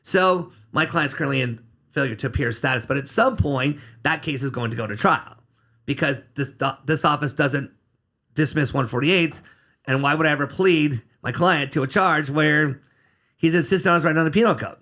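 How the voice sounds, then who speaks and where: Male guest lawyer, blunt and sarcastic, with a bright, cutting delivery. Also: a little high, normal speed. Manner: blunt, sarcastic, curses freely. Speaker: criminal defense attorney, podcast guest. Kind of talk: casual podcast interview.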